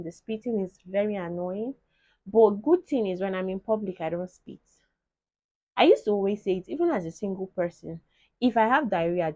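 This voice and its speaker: Chatty woman, mellow dry sound. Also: medium pitch, no echo, highs cut off. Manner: animated, chatty storytelling. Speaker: vlogger. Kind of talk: casual chat to camera.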